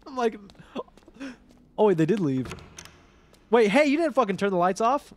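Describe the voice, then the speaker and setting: A man streaming a game live, commenting casually and excitably, swearing and laughing as he plays. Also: sits high, normal speed, long pauses, slight background noise.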